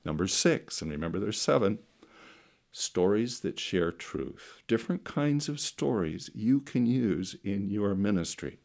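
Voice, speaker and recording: A middle-aged man delivering a sermon as a storyteller, his voice low and gravelly. He takes his time, letting his delivery swing between loud passages and hushed ones. The pitch moves widely. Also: lively intonation. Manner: slow, dramatic storytelling with wide swings in loudness. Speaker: pastor.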